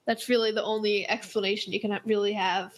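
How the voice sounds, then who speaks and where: A teenage girl in casual chat, talking in an animated, rambling way with many fillers and restarts. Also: mid-range voice, fast. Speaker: co-host.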